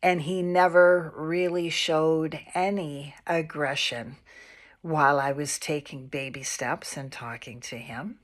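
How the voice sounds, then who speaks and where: A woman calmly telling a personal spiritual anecdote, unhurried and repeating her phrases. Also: deep voice. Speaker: storyteller.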